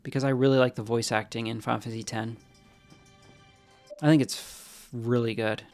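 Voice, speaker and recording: A man's voice: medium pitch, steady tone, normal speed, a little mellow, faint music behind. A man streaming a video game, rambling casually, answering chat, and making jokey asides, with a stuffy nose from allergies. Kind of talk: casual live-stream chat while playing.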